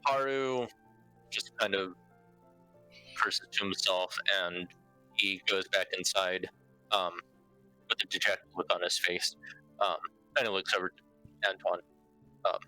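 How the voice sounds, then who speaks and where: A man narrating his character's actions in a tabletop game, hesitant and slow. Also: sits low, fairly even intonation, bright, forceful tone, soft background music, poor audio. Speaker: player.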